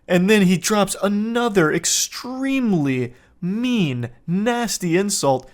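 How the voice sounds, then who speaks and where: A man in his thirties talks in a dry, deadpan monotone, mocking the messages he reads. His voice sits a little high for a man, and his sarcasm never lifts into excitement. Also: slow. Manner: deadpan, sardonic, monotone delivery. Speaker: commentator reading text messages. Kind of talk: comedic commentary.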